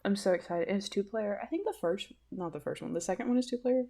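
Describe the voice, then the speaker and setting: A woman hosting a casual solo podcast, rambling and giggly, often bursting with excitement. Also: medium pitch, fast, vocal fry. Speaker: podcast host.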